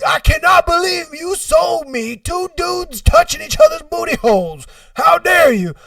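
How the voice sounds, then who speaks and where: A man voicing an outraged, hot-headed male customer who yells in shrill indignation. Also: wildly swooping pitch, unhurried, vocal fry, far from the mic, crowd noise, full character voice.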